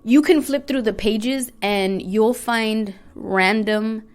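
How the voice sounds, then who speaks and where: A woman co-hosting a podcast in casual chat. She talks in an animated way and swings between loud bursts and soft asides. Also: on the high side, slow, smooth. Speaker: podcast co-host.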